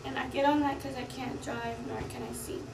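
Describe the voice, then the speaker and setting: A young woman, a college student, giving a rushed, upset retelling of an incident. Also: high-pitched, little pitch movement, echoey room, far from the mic, background noise. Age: young adult. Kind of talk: recorded personal account.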